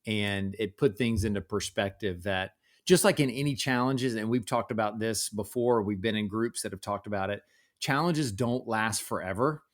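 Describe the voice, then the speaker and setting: A man's voice: fairly low pitch, normal speed. A man in his forties, a podcast guest, talking casually and reflectively about family life. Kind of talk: casual interview chat.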